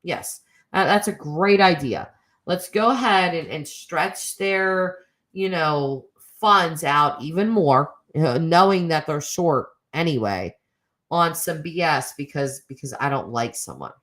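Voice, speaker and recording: This is a middle-aged woman hosting a relaxed livestream chat, reading comments aloud and answering them. Her voice sits low but moves a great deal, rising and falling as she teases her viewers. She laughs easily and drifts into quick asides. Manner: chatty, teasing, laughs often, quick asides. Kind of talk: casual chat.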